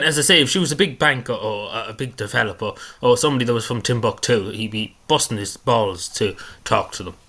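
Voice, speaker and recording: A man's voice: medium pitch, pushed and bright. A man giving rambling, indignant commentary on a video clip, repeating himself often. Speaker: political commentator.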